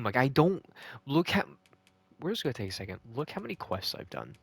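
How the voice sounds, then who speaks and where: A man's voice: medium pitch, sing-song, fairly quick, creaky, a bit bright, breathy edge, no echo. A man recapping a video game, ranting and swearing in frustration. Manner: ranting, profane and exasperated. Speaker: gaming video host. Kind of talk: casual game recap commentary.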